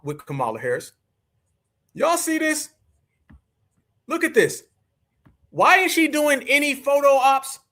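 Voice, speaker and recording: A man's voice: high-pitched, bright, forceful tone. A man, hosting a political livestream and speaking to his viewers in a preachy, rallying way. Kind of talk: livestream commentary.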